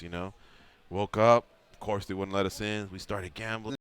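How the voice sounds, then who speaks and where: Smooth-voiced man telling a story. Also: deep voice, fast. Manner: animated storyteller acting out quotes. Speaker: radio show host. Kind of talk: casual radio chat. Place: radio studio.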